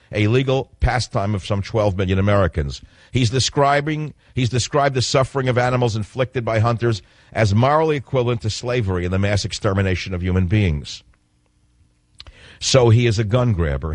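Emphatic low-voiced radio host man. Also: no room sound. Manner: emphatic, repetitive, stresses key phrases. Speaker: radio talk show host. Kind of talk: political radio monologue.

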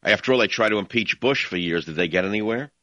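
A man's voice: fairly low pitch, fast, bright, forceful tone, no room sound. A man hosting a call-in talk radio show, ranting in a combative, scornful way over dull lo-fi broadcast audio.

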